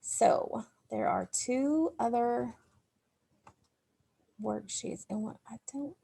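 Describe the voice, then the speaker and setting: Slow, patient woman teaching young kids. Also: on the high side, gravelly, mellow, breathy edge. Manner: slow, patient, explains step by step to children. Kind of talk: recorded remote phonics lesson.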